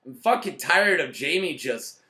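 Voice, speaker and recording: Guy ranting about a tv episode, swears a lot, kinda high bright voice, keeps restarting sentences. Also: lively intonation, measured pace. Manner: profane and blunt, rambling with restarts. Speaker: TV episode reviewer. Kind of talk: casual rant-style review.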